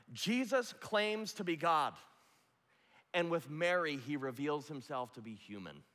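A man's voice: a little high, a bit bright. A man preaching a sermon as pastor, impassioned and building to a rousing call. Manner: impassioned, preacherly, acts out quotes. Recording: long echo of a large hall.

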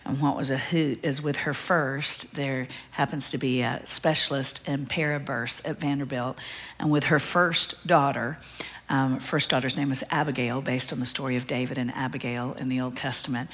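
A middle-aged woman, preaching a sermon and telling a story with lively, animated delivery. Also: very deep voice, moderate pace, breathy edge. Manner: animated storyteller, acts out children's cries.

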